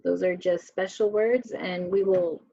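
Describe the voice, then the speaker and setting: A woman teaching a slow spelling lesson, sounding out words and letters one at a time. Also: fairly low pitch, steady tone, gravelly, dark tone, no echo. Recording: dull, dry lo-fi recording.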